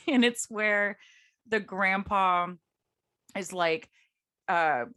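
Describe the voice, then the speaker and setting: This podcast co-host, a young woman, chats casually with plenty of "like" and frequent laughter. She speaks extremely slowly in a mid-range voice that is bright, forceful and smooth.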